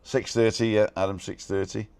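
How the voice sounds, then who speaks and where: A man hosting a casual live stream from a balcony, talking fast and reading out viewers' comments and names. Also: fairly low pitch, flat delivery, darkish tone, clean tone. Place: balcony outdoors.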